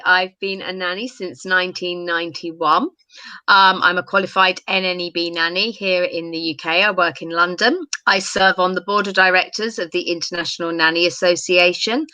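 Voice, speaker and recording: A woman's voice: fairly low pitch, bright, forceful tone, dry recording, low-quality recording. A middle-aged woman introducing herself as a guest on a video call, composed and matter-of-fact. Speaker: guest, nanny and campaign co-founder. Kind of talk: self-introduction.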